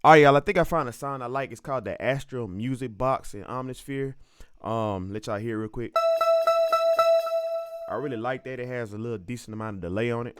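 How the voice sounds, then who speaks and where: A young man from Alabama with a Southern accent, chatting casually to viewers as he walks through making a beat. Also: mid-range voice. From Montgomery, Alabama. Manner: laid-back, chatty, addresses viewers as y'all. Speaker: beat producer. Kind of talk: casual tutorial talk-through. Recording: music playing loudly behind the voice.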